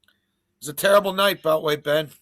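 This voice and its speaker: A high, bright-toned man hosts a betting talk show, rambling through casual chat. His talk is gloomy and a bit profane. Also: steady tone, normal speed, no echo.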